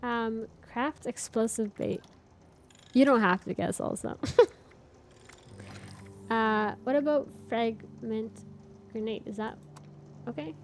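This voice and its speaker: A woman's voice: fairly high pitch, slow pace, long pauses, a little hiss or hum. A young Canadian woman with a Canadian accent, chatting casually and laughing often while streaming a game and answering chat.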